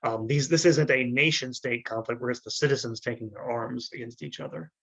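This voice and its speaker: A man giving an unscripted history lecture, halting and full of fillers and restarts, often clearing his throat. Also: mid-range voice, a bit bright.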